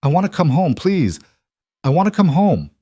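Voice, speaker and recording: A man's voice: mid-range voice, very animated, unhurried, darkish tone, no echo, clean studio sound, pitched above the performer's own voice. A man voicing a young girl who speaks in a small, careful, tearful way. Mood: small pleading. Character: young girl, fragile and anxious.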